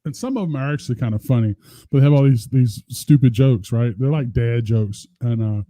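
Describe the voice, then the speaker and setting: A man's voice: mid-range voice, a little fast, noisy background. A man, co-hosting a podcast in casual, profane, joking chat. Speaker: podcast co-host.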